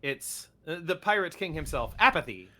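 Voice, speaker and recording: A podcast co-host with a lively voice that rises and falls a lot and sounds bright and forceful. The talk is playful and animated, with frequent laughter. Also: medium pitch, moderate pace. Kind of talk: casual livestream podcast chat.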